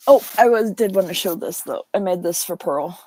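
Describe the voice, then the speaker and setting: A woman from Canada co-hosting a casual livestream chat, playful and quick to joke. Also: lowish voice, animated, warm tone, a little hiss or hum. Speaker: co-host.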